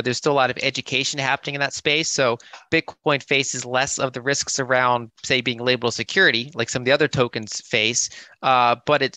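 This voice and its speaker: Hesitant man on a panel, bright voice. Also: medium pitch, dry recording. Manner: hesitant, many restarts and fillers. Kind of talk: conference panel discussion.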